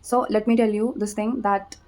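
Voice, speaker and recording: Young woman, Indian accent, native Hindi speaker, casual vlogger. Mid-pitched, repetitive and direct, with frequent pauses and "okay?" tags. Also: flat delivery, a little mellow. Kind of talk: casual advice vlog.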